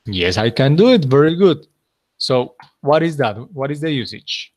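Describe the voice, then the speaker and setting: A man's voice: mid-range voice, animated, moderate pace. A man teaching an English class, patiently repeating answers and praising his students.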